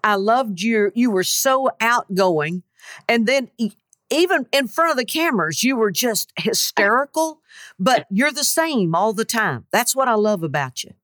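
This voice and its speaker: A woman's voice: on the high side, expressive, unhurried, a bit bright, no room sound, clean studio sound. A woman co-hosting a talk show, chatting in an easygoing, complimentary way. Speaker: co-host. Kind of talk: casual chat.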